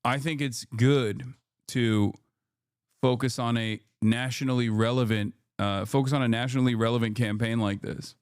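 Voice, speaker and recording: A man's voice: medium pitch, steady tone, normal speed, smooth, no echo, clean studio sound. A man streaming, commenting on news clips in a casual, sarcastic way.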